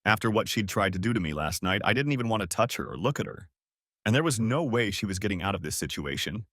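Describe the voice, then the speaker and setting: A man with a low voice and a lively, swinging delivery narrates a first-person story in a bitter, sardonic tone. The recording is dry and close, with no room sound. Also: fast, no echo.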